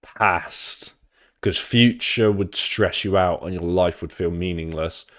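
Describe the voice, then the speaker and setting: Deep-voiced young British man rambling. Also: slow, fairly bright tone. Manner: rambling, sweary, anecdotal. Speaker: streamer. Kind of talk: casual stream chat.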